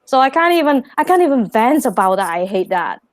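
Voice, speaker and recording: A woman, chatting casually as a podcast guest, animated and laughing often. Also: a little high, a little fast, no room sound. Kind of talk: casual chat.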